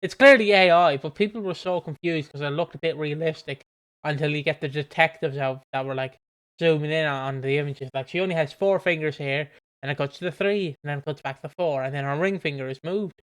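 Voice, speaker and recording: A man's voice: on the high side, a little fast, a bit bright, clean tone, no echo. A man co-hosting a casual podcast chat, rambling with fillers and easy laughs. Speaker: podcast co-host.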